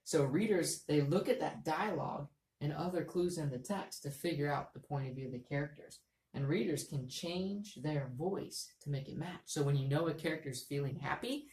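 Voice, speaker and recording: A woman's voice: low-pitched, moderate pace, a little mellow. A woman teacher giving a reading lesson to young students, explaining patiently and repeating key points. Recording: echoey room.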